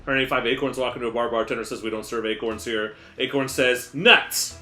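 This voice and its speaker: Man, bright forceful voice, deadpan rambling improv, roomy echo. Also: medium pitch, quick pace, soft background music. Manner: rambling, deadpan storytelling with pun punchlines. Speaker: streamer. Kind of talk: improvised comedy.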